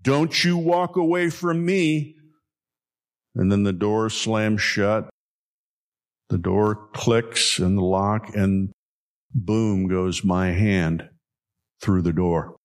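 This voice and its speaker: A pastor delivering a sermon, speaking emphatically and repeating key phrases for effect. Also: male voice, low voice, flat delivery, takes it slowly, long pauses.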